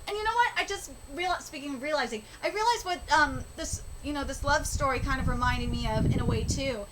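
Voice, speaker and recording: Woman rambling thru a live reaction, super high voice, lots of background noise. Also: fairly bright tone, low-quality recording. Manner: rambling, halting, stops to comment. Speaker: streamer reacting to a manga. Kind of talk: live reaction reading aloud.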